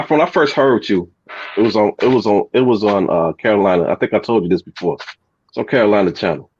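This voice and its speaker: A man's voice: medium pitch, darkish tone, husky, highs cut off. Blunt, cussing man on a call. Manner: blunt, profane, probing questions. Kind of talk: casual call-in chat.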